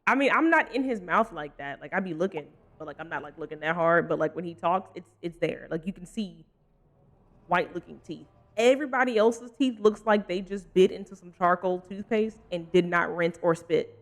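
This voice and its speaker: A woman's voice: lowish voice, animated, fairly quick. A woman streaming a game live, joking and laughing often in playful commentary.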